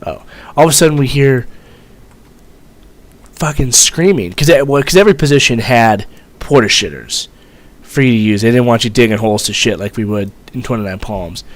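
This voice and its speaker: A man's voice: mid-range voice, normal speed. A young man, a former Marine, telling a story in a rambling, profane way, full of fillers. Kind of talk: casual storytelling vlog.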